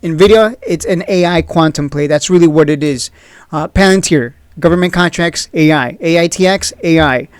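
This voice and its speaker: A man hosting his own stock video in a casual, blunt and opinionated way, sarcastic and quick to laugh at his critics. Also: on the high side, smooth, no room sound. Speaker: stock market video host. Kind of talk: casual trading commentary.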